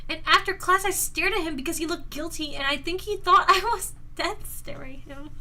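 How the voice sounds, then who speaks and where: A young woman streaming live, reading viewer questions aloud and answering them in an animated, giggly, mock-outraged way. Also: extremely high pitch, normal speed. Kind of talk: casual livestream chat, reading viewer questions.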